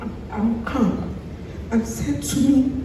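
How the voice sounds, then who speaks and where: A woman's voice: on the high side, steady tone, takes it slowly. A Nigerian woman giving an earnest, pleading tribute speech, often quoting a friend. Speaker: speaker at a tribute event. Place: large event hall. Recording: echoey hall from far off, background noise.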